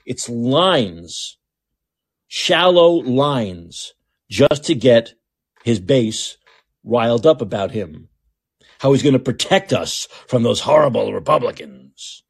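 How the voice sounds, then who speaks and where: A man's voice: mid-range voice, animated, slow pace, creaky, breathy edge, dry recording. A man hosting a podcast with opinionated political commentary, talking in a sarcastic, mocking, repetitive way. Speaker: podcast host.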